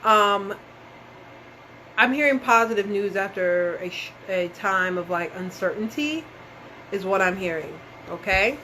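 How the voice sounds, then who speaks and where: A woman's voice: medium pitch, animated, measured pace, pushed and bright, a little hiss or hum, rough recording. Casual woman reading tarot live. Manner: casual, swears, talks straight to viewers as y'all. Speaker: tarot reader.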